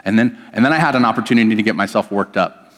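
A pastor delivering a sermon to his church, telling a personal story with animated, self-deprecating humor. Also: lowish voice, very fast. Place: church hall. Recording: reverberant church hall.

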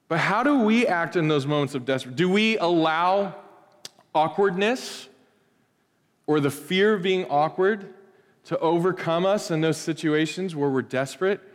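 A middle-aged male pastor preaching in a church, his voice sitting a little high for a man. He talks to the congregation in a conversational way and swells into loud, animated bursts. The sound carries a long reverb from the hall. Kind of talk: sermon. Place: church sanctuary.

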